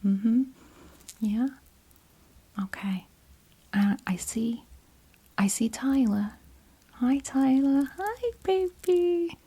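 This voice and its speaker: A woman's voice: high voice, animated, drawn-out words, long pauses, dark tone, slightly rough, exaggerated voice. A woman in her fifties voicing a chatty, fussing grandmother from New Jersey on a video call, in whispered role-play. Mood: tender. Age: 50s.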